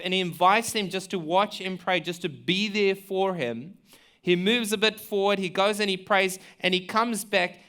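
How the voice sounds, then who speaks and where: Bright, clear-voiced male preacher. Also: sits high. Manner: earnest, conversational preaching with questions to listeners; repeats words while thinking aloud. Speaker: pastor. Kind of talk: sermon.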